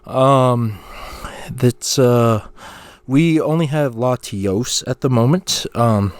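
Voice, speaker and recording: A man's voice: medium pitch, slow, no room sound. A man hosting a podcast alone, talking in a rambling, jokey way with many fillers and restarts. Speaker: podcast host. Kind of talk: solo podcast chat.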